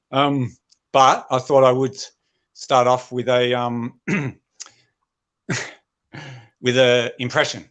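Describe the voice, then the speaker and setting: A man doing a deadpan stand-up set online, often clearing his throat. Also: medium pitch, takes it slowly. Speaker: stand-up comedian.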